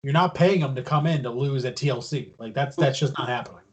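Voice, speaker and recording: A man's voice: mid-range voice, fast talker, slightly rough, highs cut off. A man co-hosting a casual wrestling podcast, blunt and casually profane. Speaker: podcast co-host.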